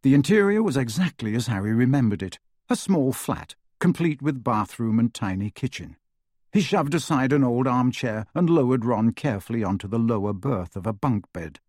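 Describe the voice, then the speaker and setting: A man reads an audiobook in a steady, measured way at a middle pitch. His voice has a slightly husky edge. The recording is dry and close. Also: no room sound. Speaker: audiobook narrator. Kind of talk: scripted narration.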